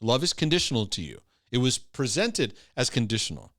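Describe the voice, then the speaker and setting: A man teaches with a lively, swooping voice, hammering home key phrases and often checking in with "right?" and "okay?". He sounds close and dry, with no room sound around him. His delivery is earnest and emphatic, as in a recorded Christian teaching. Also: medium pitch, a little fast, no room sound. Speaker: Christian teacher and former pastor. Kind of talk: teaching talk to camera.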